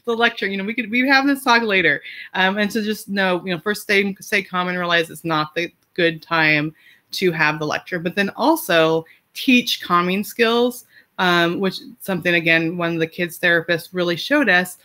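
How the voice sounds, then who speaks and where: A woman's voice: on the low side, normal speed, bright, forceful tone. Chatty mother with light laughs. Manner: chatty, lots of fillers and restarts; laughs lightly mid-sentence. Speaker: parent sharing advice. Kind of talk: casual conversational advice.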